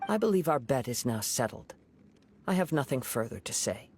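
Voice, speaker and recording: An actor voicing a calm wandering young male swordsman in a video game, speaking in a composed, measured, gentle manner. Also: mid-range voice, a little hiss or hum. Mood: earnest. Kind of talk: game voice acting. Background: game music.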